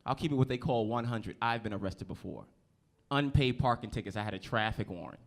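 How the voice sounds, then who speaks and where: On a comedy club stage, a man from New Jersey delivers his set in a fairly low, creaky, expressive voice at a brisk clip. His style is loose and chatty, and he pokes fun at the crowd.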